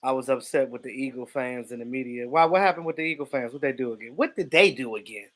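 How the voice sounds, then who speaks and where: A man hosting a casual livestream, greeting viewers by name and telling stories in an animated way. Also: medium pitch, fast. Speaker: livestream host.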